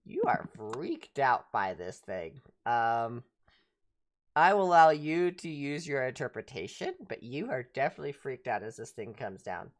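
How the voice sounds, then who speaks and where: A woman narrating as game master of a tabletop game, animated and prone to restarting sentences. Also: a bass voice, a little slow.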